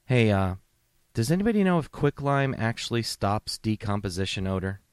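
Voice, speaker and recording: A man's voice: on the low side, very animated, moderate pace. A man hosting a comedy podcast, ranting sarcastically with heavy profanity and mock outrage. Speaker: podcast host. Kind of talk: comedic rant.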